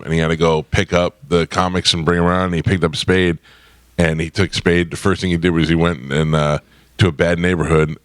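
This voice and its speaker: A man hosts a morning radio show, his voice sitting very low and heard dry and close on a studio microphone. He talks casually, plugging gigs and laughing along with his guests. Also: fairly bright tone, no room sound.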